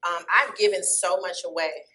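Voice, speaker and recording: Animated storytelling woman guest, bright voice. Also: fairly low pitch, normal speed, a little hiss or hum, rough recording. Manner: animated, acts out dialogue in her stories; sermon-like inspirational cadence. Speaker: guest artist and entrepreneur. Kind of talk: casual storytelling chat.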